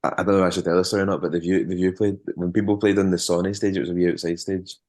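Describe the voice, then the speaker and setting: A Scottish man with a very low voice spins loose, rambling tales in a relaxed interview. He stumbles and restarts often, and chuckles now and then while he talks. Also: racing. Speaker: musician and former tour manager. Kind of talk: casual interview storytelling.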